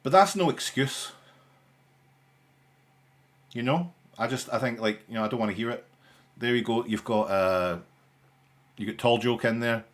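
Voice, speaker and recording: A man's voice: medium pitch, normal speed, pauses often. A young man hosting a live stream in casual chat, with dry, sarcastic humour and a rambling way of talking. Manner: rambling, with frequent restarts and fillers.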